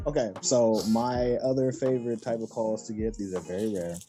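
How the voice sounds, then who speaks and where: A podcast co-host in casual chat, telling lively stories and acting out callers. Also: mid-range voice, moderate pace, over music. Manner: animated storyteller acting out callers. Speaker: former call center agent.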